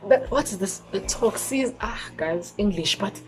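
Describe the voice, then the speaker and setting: A young South African woman vlogger telling a personal story in an expressive voice, mixing in isiZulu words. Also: medium pitch, normal speed, faint music behind. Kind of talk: storytime vlog.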